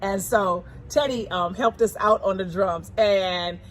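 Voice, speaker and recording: A woman in her forties, talking casually and warmly about her husband, emphatic and repeating her points. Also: mid-range voice, unhurried, faint music behind. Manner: emphatic and repetitive, often repeating phrases. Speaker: co-host, singer. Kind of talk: casual heartfelt talk.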